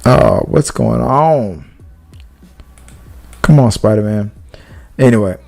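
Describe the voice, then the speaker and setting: A man's voice: on the low side, slow pace, gravelly, faint music behind. A young man hosting a podcast, chatting casually and rambling, with restarts and swearing. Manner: rambling and animated, with profanity and restarts. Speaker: podcast host. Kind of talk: casual chat.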